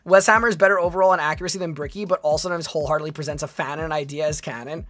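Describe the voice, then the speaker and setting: A woman's voice: sits low, steady tone, racing, a bit bright, soft background music. A young woman streaming casually, reading her chat aloud and reacting with chatty restarts.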